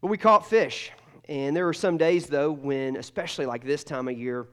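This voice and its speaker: Chatty, slightly high-voiced male preacher. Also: moderate pace. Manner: casual, joking storyteller with frequent restarts. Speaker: pastor. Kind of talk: conversational sermon.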